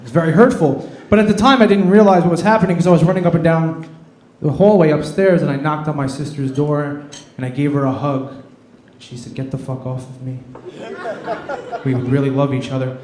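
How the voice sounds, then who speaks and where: Brief: male stand-up comic with a higher voice, self-deprecating storyteller, echoey club mic. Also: fast talker, few pauses, darkish tone, slight background noise. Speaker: stand-up comedian. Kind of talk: stand-up set. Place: comedy club stage.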